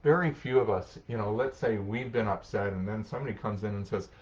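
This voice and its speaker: Low-voiced man, lo-fi sound. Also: fairly quick, hardly any pauses. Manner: warm, conversational, acts out short parent-child exchanges. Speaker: social worker and counselor. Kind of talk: live-streamed advice talk reading comments.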